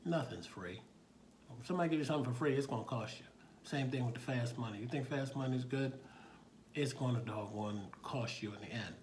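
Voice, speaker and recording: A man's voice: mid-range voice, a little fast, darkish tone, a little hiss or hum. Emphatic man telling a cautionary story. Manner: emphatic, colloquial, preachy, acts out dialogue. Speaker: police officer telling a story. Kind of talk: motivational storytelling talk.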